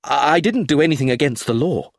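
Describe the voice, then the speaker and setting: A man's voice: fairly high pitch, animated, fast talker, creaky, dry recording, clean studio sound, pitched above the performer's own voice. A man reading a storybook, voicing a clumsy, anxious middle-aged businessman who pleads eagerly. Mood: ashamed, pleading.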